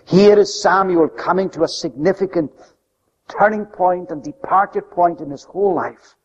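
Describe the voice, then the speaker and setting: A man preaching a sermon with an emphatic delivery that swings between loud, high stresses and soft, low drops. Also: husky. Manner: emphatic, rising and falling delivery. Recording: lo-fi recording with long hall reverb.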